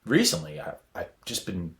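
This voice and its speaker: A man's voice: lowish voice, huge pitch swings, moderate pace, a bit bright. A man co-hosting a podcast, telling rambling, self-deprecating stories in casual chat. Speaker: podcast co-host.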